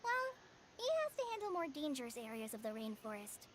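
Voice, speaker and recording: A woman's voice: fairly high pitch, very animated, a little fast, a bit bright, slight background noise. A woman voicing an earnest young female forest ranger apprentice in a video game, eager to help.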